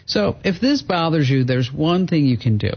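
A man hosting a call-in radio show, chatty and quick to laugh, giving advice to callers and reading ads. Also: fairly high pitch, animated, slightly rough. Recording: dull broadcast audio.

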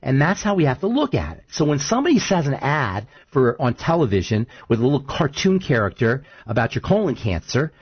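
A man hosting a talk radio show, chatting casually and telling stories in an animated, argumentative way. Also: medium pitch, brisk, hardly any pauses, breathy edge, no echo, dull audio. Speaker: show host.

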